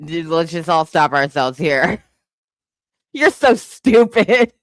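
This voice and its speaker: A woman's voice: deep voice, expressive, takes it slowly, no room sound, studio quality. A young woman hosting a casual livestream, reading chat guesses aloud, laughing often and teasing with casual swearing.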